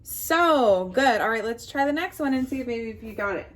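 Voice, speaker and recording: A woman with a slightly high voice leads a phonics lesson for young children. She sounds out each word slowly and clearly, then pauses to prompt her pupils for an answer. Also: animated. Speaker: teacher.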